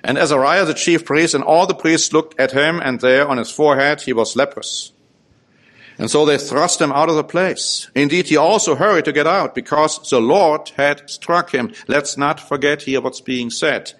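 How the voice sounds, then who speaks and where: A man's voice: mid-range voice, fairly bright tone. Man preaching emphatically. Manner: emphatic, asks rhetorical questions. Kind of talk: sermon with Bible reading.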